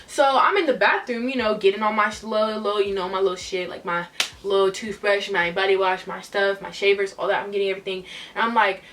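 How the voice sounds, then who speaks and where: A woman's voice: medium pitch, fairly even intonation, fast, recorded from a distance, background noise. A young woman telling a storytime vlog in a casual, profane, emotional way. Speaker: vlogger. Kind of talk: storytime retelling.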